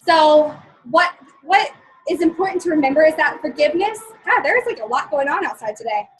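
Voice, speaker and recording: A woman's voice: high-pitched, lively intonation, fairly quick, poor audio. A woman giving a live-streamed motivational talk. She is chatty and upbeat, laughs often between points, and keeps checking in with her listeners. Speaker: motivational speaker.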